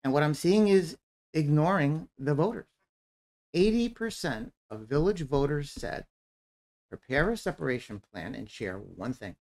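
A man speaking up at a town forum, blunt and critical, driving the same point home again and again. His pitch swings widely from high to low as he talks. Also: lively intonation, measured pace, a little mellow. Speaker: resident commenter. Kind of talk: public comment at a town forum.

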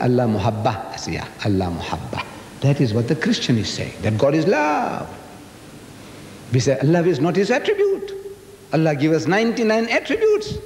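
An older man delivers a public lecture in a lively storytelling manner, slipping into the voices of people in his anecdotes. His voice sits somewhat high for a man. The recording echoes around a large hall, with a faint rumble underneath. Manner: animated storytelling, acts out dialogue.

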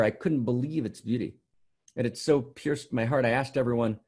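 A man's voice: mid-range voice, moderate pace, a little mellow. A man giving a sermon as a spiritual teacher, telling a story emphatically and often checking in with the listeners. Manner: emphatic storytelling, keeps asking "right?".

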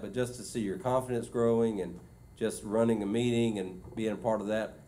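A man's voice: on the low side, warm tone, a little hiss or hum. A man, a school superintendent giving his report at a board meeting in a casual, filler-heavy way. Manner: conversational, many fillers and restarts. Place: meeting room.

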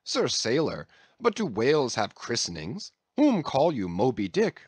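A man's voice: medium pitch, wildly swooping pitch, measured pace, husky, no room sound, exaggerated voice. A man voicing an astonished, eager Spanish nobleman who exclaims and asks questions.

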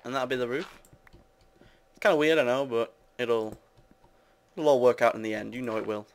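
Here a young British man plays a building game and chats with viewers in a loose, rambling Let's Play style, poking fun at himself as he jokes along. His voice sits at medium pitch, with a steady tone and a moderate pace.

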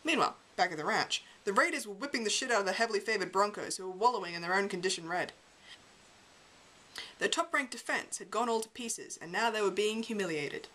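A woman's voice: mid-range voice, fairly quick, pushed and bright, low-quality recording. A woman reading a memoir aloud as an amateur reader, with a wry, sardonic delivery.

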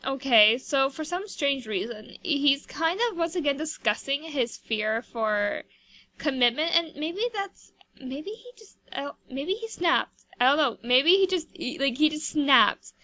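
A woman's voice: high voice, animated, a little slow, bright, forceful tone, dry recording. A woman giving casual, rambling commentary over a life-sim game, chatty and full of fillers. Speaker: gameplay video host.

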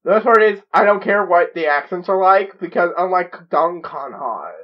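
A man with a voice that sits high hosts a reaction video, giddy and rambling, full of stammered restarts. He's animated and speaks at normal speed in excited commentary, though the recording sounds muffled.

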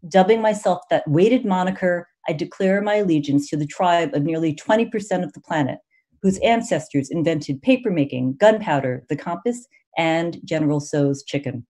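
A woman reading her own essay aloud at a student reading, measured and emphatic, with pointed pauses. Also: lowish voice, animated, dark tone. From United States. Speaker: MFA student reader.

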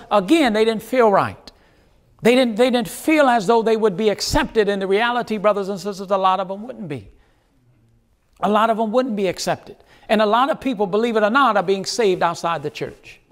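A pastor preaching a sermon, earnest, with dramatic pauses and repeated phrases. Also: male voice, high voice.

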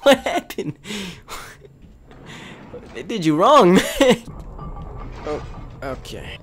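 A young man doing gaming commentary, frustrated and swearing as he yells at enemies. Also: wildly swooping pitch, very slow. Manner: frustrated, swearing, yelling at enemies, with wild swings in pitch. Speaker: gamer.

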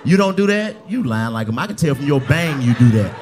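A male stand-up comedian roasting the audience with loud, brash crowd work, often yelling and cursing. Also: mid-range voice, big pitch swings, brisk. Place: live comedy club ballroom. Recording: live club with crowd noise.

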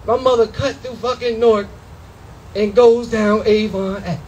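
High-voiced animated stand-up comic. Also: male voice, measured pace, a little hiss or hum, rough recording. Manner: loud, animated storytelling with profanity and acted-out voices. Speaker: stand-up comedian. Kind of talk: stand-up comedy set. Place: comedy club.

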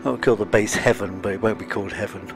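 A male game streamer gives casual let's-play commentary in a lowish, steady voice, talking fast. He chats and talks to himself with sighs, sounding slightly out of breath, with faint game music behind him.

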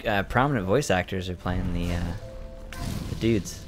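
A young man playing a game on a let's play, loud and excitable, joking and yelping as he plays. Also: sits low, moderate pace, faint music behind. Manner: loud, excitable, yelps and jokes while playing. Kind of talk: casual gameplay chat.

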